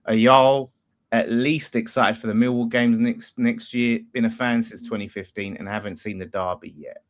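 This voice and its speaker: A man, hosting a fan channel and reading out viewer messages in a relaxed, matter-of-fact way. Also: mid-range voice, moderate pace.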